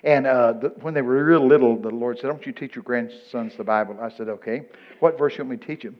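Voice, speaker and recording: Folksy older preacher, muffled. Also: male voice, medium pitch, fast talker. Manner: folksy storytelling, bursts of loud excitement. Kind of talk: folksy sermon. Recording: muffled lo-fi recording.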